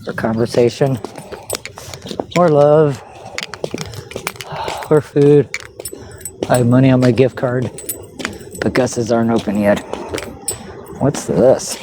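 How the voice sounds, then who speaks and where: Walking a neighborhood street, a vlogger narrates to herself, swearing under her breath and cooing at cats in a sing-song voice. Her voice is deep and steady, slow with long pauses, and the outdoor recording carries clear background noise.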